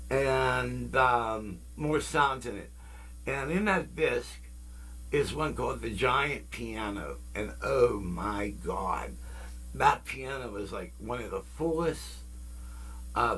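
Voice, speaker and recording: A man's voice: mid-range voice, fairly bright tone, husky. A man hosting his own music channel, chatting casually and rambling through tangents, fillers and jokes aimed at his viewers. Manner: laid-back, jokey, talks straight to viewers. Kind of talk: casual rambling vlog chat.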